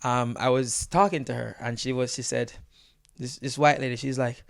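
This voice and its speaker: A Jamaican man, a comedian, chatting in an interview, animated, switching between accents and laughing often. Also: mid-range voice, moderate pace, gravelly, no echo, clean studio sound. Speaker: comedian guest. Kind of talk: casual interview chat.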